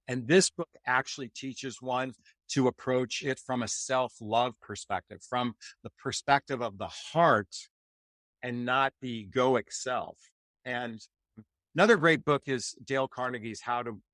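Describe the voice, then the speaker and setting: Animated American man coaching on a podcast. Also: mid-range voice, no room sound. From United States. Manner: animated, enthusiastic, acts out example replies. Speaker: dating and relationship coach, guest. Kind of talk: podcast interview.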